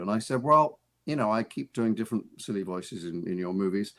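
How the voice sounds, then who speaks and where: Chatty actor telling stories, restarting sentences. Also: male voice, on the low side, steady tone, normal speed. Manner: rambling, with frequent restarts and repeated words; amused, laughs while telling stories. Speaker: actor and author, interview guest. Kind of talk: casual anecdotal storytelling. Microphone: radio studio mic.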